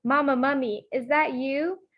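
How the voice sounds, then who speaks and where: A woman's voice: sits high, steady tone, a little slow, lo-fi sound. A woman doing a small stubborn baby mummy. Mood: calling, insistent. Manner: insists, calling out.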